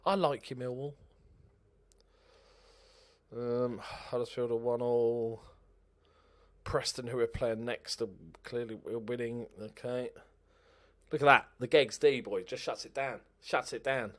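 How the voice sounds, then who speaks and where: A man giving casual, excitable commentary over a game, talking to himself and swearing. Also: medium pitch, slow, pauses often.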